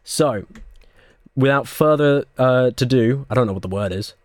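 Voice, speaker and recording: A man's voice: mid-range voice, moderate pace, no room sound. A young man hosting his first radio music show alone in a small studio, chatty and rambling, with self-deprecating asides. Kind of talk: casual radio show intro.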